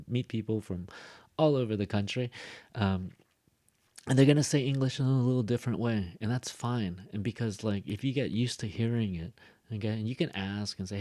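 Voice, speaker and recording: A man's voice: mid-range voice, a little mellow, dry recording. A man with a Californian accent teaching a beginner pronunciation class in a casual recorded lecture, rambling with many fillers and asides. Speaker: ESL teacher.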